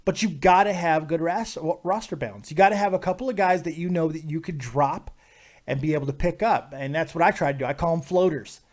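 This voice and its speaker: A man hosting a casual live talk show, talking excitably about fantasy hockey and fights and swearing freely. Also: a little high, fairly quick. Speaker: host.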